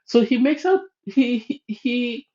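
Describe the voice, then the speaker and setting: A woman's voice: fairly high pitch, animated, takes it slowly, dark tone. Chatty opinionated woman reviewer, lo-fi. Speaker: reality TV reviewer. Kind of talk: casual spoken review. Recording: slightly dull lo-fi sound.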